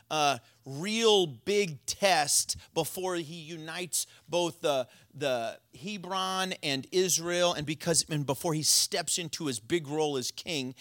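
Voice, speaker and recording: A man's voice: high voice, pushed and bright, no echo, studio quality. A man preaching a sermon, telling stories in a plain, conversational way. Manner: conversational storytelling, plain folksy talk.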